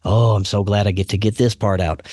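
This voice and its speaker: A man hosting a podcast, telling a personal story in an animated, slangy way and often saying "man" and "dude". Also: fairly low pitch, brisk, dry recording, clean studio sound. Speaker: podcast host. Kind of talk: casual storytelling.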